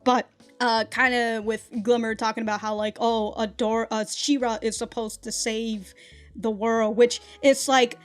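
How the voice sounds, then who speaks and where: A woman's voice: fairly high pitch, flat delivery, a little slow, soft background music. A woman hosting a casual reaction commentary who swears a lot, laughs often and rambles with restarts. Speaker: reaction video host.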